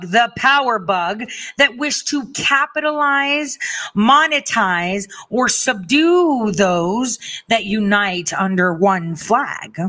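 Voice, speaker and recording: A woman giving a blunt, profane, impassioned monologue, telling stories with animated swings in her delivery. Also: medium pitch.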